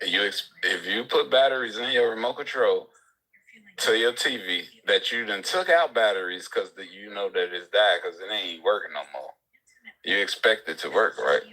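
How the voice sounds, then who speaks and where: A man's voice: on the low side, expressive, moderate pace, pushed and bright, poor audio. A man on a live stream who argues his point with repeated, homespun analogies. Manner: repetitive, arguing by analogy. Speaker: guest. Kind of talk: casual debate on a live stream.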